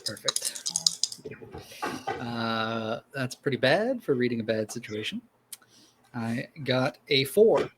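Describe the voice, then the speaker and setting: A man's voice: medium pitch, very animated, slow pace, long pauses. An easygoing man chatting as a player in a tabletop game, often breaking into laughter. A faint noise sits under his voice. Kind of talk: casual chat.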